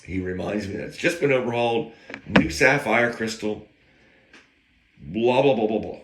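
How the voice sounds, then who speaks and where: Man, low voice, rambling wry storyteller, echoey room. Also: expressive, normal speed, noisy background. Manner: rambling, with wry self-aware digressions. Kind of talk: casual anecdote telling.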